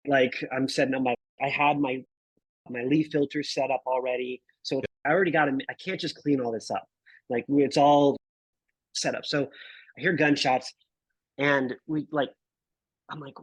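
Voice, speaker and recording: A man's voice: medium pitch, moderate pace, husky, dry recording, poor audio. A man in his thirties telling a travel story in a casual interview, laid-back, swearing and calling people dude and bro. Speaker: guest photographer.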